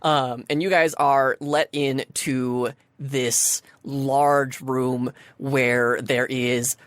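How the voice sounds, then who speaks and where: A woman with a low voice runs a tabletop game, narrating in a relaxed, chatty manner. Her voice sounds close and dry. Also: drawn-out words, no echo. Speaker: game master.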